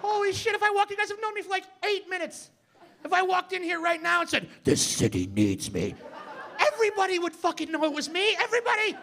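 A man in his forties doing a stand-up set on a club stage, loud and ranting with mocking asides. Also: very high voice, quick pace. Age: 40s. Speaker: stand-up comedian. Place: comedy club stage with audience. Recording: live club recording with faint crowd.

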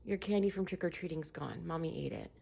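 A young woman talking as a mother in a casual home video, softly coaxing and gently repeating her questions. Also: deep voice, animated, fairly quick, gravelly, a little hiss or hum.

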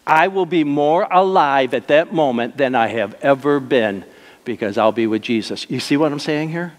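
A male pastor preaching a sermon, moving between soft, slow lines and emphatic, raised ones. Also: medium pitch, expressive. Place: church sanctuary. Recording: long reverb of a church hall.

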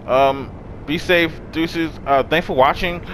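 A young man streaming a video game, shouting, cursing and shrieking in frantic play-by-play, then winding down in a tired sign-off. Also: slow, a little hiss or hum. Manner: yelling, cursing, high-pitched shrieks when panicked. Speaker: gaming streamer. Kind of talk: frantic gameplay commentary.

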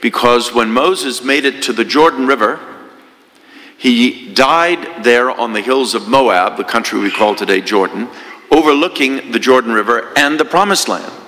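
A man's voice: medium pitch, animated, normal speed, sharp tone. A priest giving a conversational sermon to his parish, often asking rhetorical questions. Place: church. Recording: echoey church hall.

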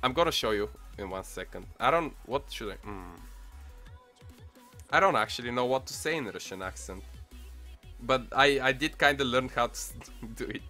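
Give me an excitable young man narrating his own gameplay, with a sharp bright voice and soft music in the background. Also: medium pitch, normal speed. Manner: excitable, swears often, mutters to himself. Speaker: gaming channel host. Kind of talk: casual mobile gameplay commentary. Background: faint music playlist.

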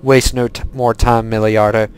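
A man's voice: lowish voice, flat delivery, moderate pace, smooth, natural voice, rough recording. A man voicing an undead tyrant king, reading game quest text in a solemn, commanding put-on accent.

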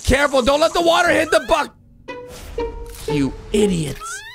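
A man doing excited reaction commentary over cartoon clips, swinging between loud cheering and low worried muttering. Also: quick pace, faint music behind. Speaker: gaming commentator reacting to animations.

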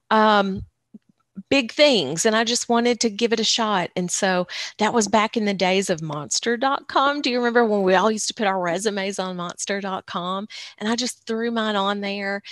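A woman's voice: medium pitch, dry recording. A woman in her thirties from Tennessee with a Southern accent, talking about her life as a guest author in a friendly, folksy, rambling way. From Northwest Tennessee, USA. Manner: chatty, folksy, frequent restarts and fillers. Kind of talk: casual interview conversation.

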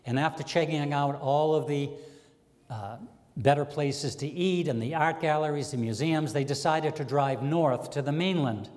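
A stand-up comedian tells his jokes as little stories. He slips into quoted voices and rambles through chatty asides. His voice sits a bit high, with a long reverb trailing off behind him. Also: normal speed, darkish tone. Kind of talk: stand-up joke telling. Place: community access TV stage, live audience.

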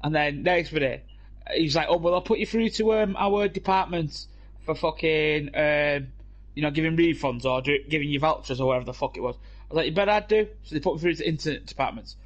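Young British guy, slightly high voice, sweary rambling gamer banter, laughing often, headset chat. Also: brisk, dull audio. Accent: British English. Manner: rambling, profane storytelling with frequent laughs. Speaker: gamer streaming with friends. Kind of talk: casual banter while gaming.

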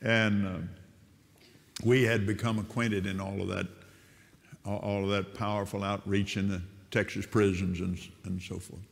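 An older man, a prison minister, telling a testimony story with animated, stumbling repetitions. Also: fairly low pitch, measured pace, creaky. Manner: animated, repeats and restarts words. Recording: long hall reverb.

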